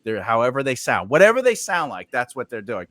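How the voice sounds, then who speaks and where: A man's voice: mid-range voice, fairly quick, no echo. A man hosting a podcast interview, chatting casually with a joking, rambling manner. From Sicilian heritage. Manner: jokey, rambling, lively. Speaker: podcast host.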